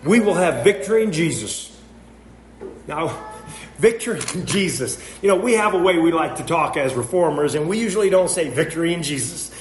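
A man's voice: a little high, animated, fast talker, hardly any pauses. Brief: male pastor, emphatic sermon delivery, roomy echo. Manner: earnest preaching, emphatic contrasts, rhetorical questions. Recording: echoey room with faint noise.

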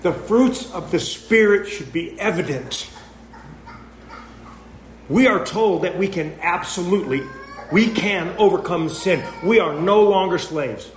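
Earnest preacher in an echoey church. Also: male voice, high voice, a little slow. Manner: earnest preaching, emphatic contrasts, rhetorical questions. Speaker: pastor. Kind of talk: sermon. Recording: echoey room with faint noise.

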